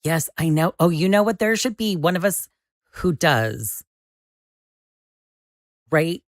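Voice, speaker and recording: A woman hosting a live stream, chatting casually and excitably with viewers as she builds, often exclaiming and laughing. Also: on the low side, slow, no echo, clean studio sound. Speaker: livestream host.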